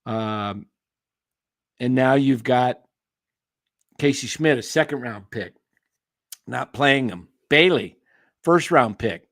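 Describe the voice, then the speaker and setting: A man talking sports on a casual stream, his voice going hoarse as he clears his throat. He rambles through strong opinions at an unhurried pace, calling out viewers by name. The recording is close and dry, with no room around him. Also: medium pitch, lively intonation, a bit bright, dry recording. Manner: opinionated, answers chat by name, rambling restarts. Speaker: sports show host. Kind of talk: casual live-stream commentary.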